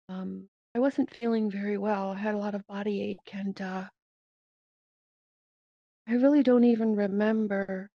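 A woman giving a personal faith testimony in an earnest, halting way, with many pauses and fillers, speaking into a VR headset microphone. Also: medium pitch, dark tone, no echo. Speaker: church member giving a testimony. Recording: dull, dry lo-fi headset audio.

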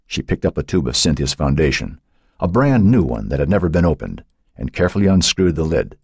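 Deep husky male audiobook narrator. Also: very animated, a little mellow, dry recording, clean studio sound. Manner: dramatic, measured storytelling. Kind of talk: scripted narration.

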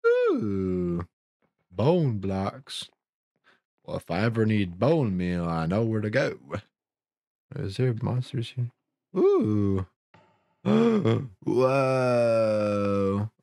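A man's voice: lowish voice, huge pitch swings, slow pace, gravelly, pauses often, warm tone, dry recording. A young man giving goofy, easily startled commentary while playing a Minecraft survival game, talking to himself with gasps and jokes. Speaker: gaming YouTuber. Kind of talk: Minecraft let's play commentary.

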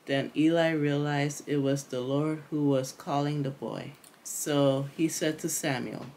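A woman's voice: low-pitched, fairly even intonation, unhurried, few pauses, a little mellow, slight background noise. A woman narrating a Bible chapter as a storybook reading, carefully and aloud.

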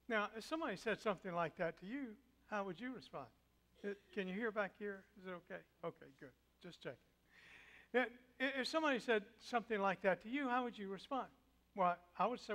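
Guy preaching a sermon in a church, high bright voice, dramatic, goes loud then hushed. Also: fairly quick. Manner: dramatic, swings between loud declaiming and soft hush.

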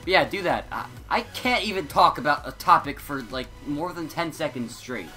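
A teenage boy rambling through casual gaming commentary, scattered and self-interrupting, excitable, on a headset mic. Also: a little high, moderate pace, soft background music. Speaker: gaming YouTuber.

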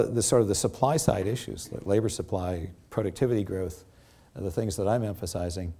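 An older man lecturing in a theatre, his voice low-pitched and mellow. He talks in a halting way, restarting sentences and filling gaps with ums and uhs as he works through his slides. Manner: halting, many fillers and restarts.

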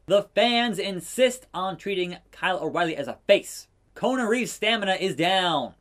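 A man giving casual, excitable commentary over a wrestling video game, swinging between loud outbursts and muttered asides. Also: sits high, moderate pace, hardly any pauses. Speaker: gaming YouTuber.

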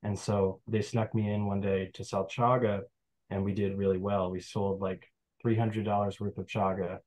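A young man from the Adirondacks talks about foraging on a video call, in a rather low voice. He rambles through his stories with plenty of fillers. His tone stays easy and casual throughout. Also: little pitch movement, normal speed, a little mellow, low-quality recording. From Adirondacks, New York. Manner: chatty, rambling storyteller with fillers. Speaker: guest presenter, forager. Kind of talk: casual online presentation.

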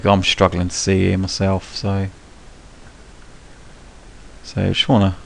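A man's voice: low-pitched, vocal fry, slight background noise. A young man giving casual, rambling live commentary for a gameplay tutorial, with frequent ums and cheeky swearing. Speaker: gaming channel host.

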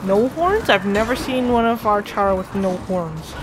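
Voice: mid-range voice, normal speed, noisy background. A player chatting casually during a game, laughing often and teasing their partner, with game music behind. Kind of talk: casual gameplay chat.

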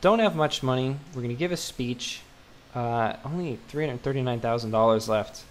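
A man's voice: mid-range voice, moderate pace, slight background noise. A young man giving casual, rambling commentary as he plays a video game, mocking himself, with lots of fillers and restarts. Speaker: gaming video host. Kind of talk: casual let's-play commentary.

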